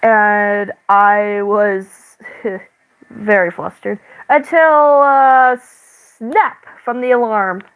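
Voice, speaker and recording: A woman's voice: medium pitch, fairly even intonation, phone-quality sound. A woman telling a story about her dream in a casual way. She often stops and restarts, fills gaps with "like", and giggles. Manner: halting, with many fillers and restarts. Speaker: channel host.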